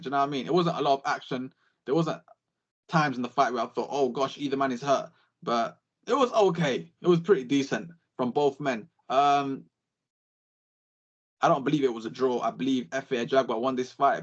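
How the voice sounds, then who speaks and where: A young man, talking boxing in a casual podcast chat, animated and full of swearing. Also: medium pitch, muffled recording. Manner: animated, sweary, repeats catchphrases. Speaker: podcast co-host.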